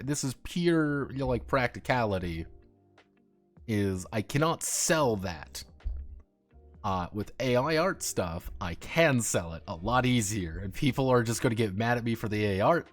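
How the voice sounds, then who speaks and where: A young man chatting casually on a stream, blunt and rambling, with many restarts and laughs. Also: mid-range voice.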